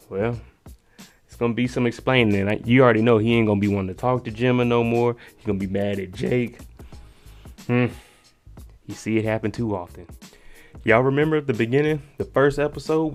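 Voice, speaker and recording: A man hosting his channel, giving an animated, slangy, casual recap of a TV episode and laughing often. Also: mid-range voice, brisk, soft background music.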